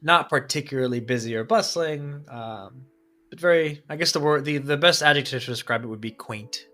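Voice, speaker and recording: A man's voice: mid-range voice, normal speed, pushed and bright, faint music behind. A man chatting casually as a player in a tabletop game, hesitant and laughing often.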